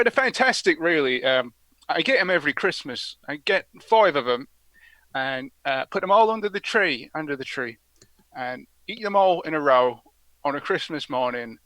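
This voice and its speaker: A man's voice: on the high side, expressive, normal speed, bright, forceful tone, dry recording. A man hosting a prank call show, rambling through comedic commentary with giggly asides.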